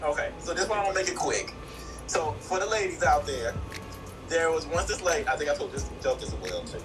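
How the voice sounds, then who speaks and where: A man's voice: on the high side, expressive, a little fast. Laid-back man telling a joke. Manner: laid-back storyteller, filler-heavy. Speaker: co-host. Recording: distant mic, music behind.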